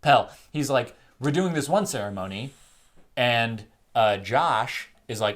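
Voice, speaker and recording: A young man co-hosts a relaxed film review podcast. He retells scenes with animated energy, scattering fillers and slipping into quoted voices. His pitch sits in an ordinary middle range. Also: normal speed. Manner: animated retelling with lots of "like" and laughs. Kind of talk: casual film discussion.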